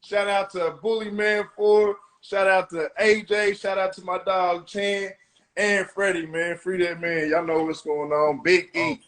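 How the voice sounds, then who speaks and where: A man with a high-pitched voice hosts a live stream in casual, slangy chat. He talks loosely, greeting viewers and shouting out friends as he goes. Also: little pitch movement, a little slow. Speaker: podcast host.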